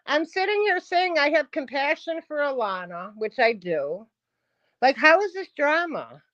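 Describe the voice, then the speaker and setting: A woman's voice: sits high, big pitch swings, unhurried, a bit bright, no room sound, muffled recording. A woman livestreaming in a casual rant, combative and profane, answering her chat.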